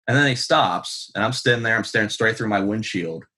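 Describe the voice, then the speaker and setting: A man's voice: fairly low pitch, a little fast, pushed and bright. A man, a guest author telling stories in a rambling, profane, self-deprecating way full of ums. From United States. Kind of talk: casual storytelling in an interview.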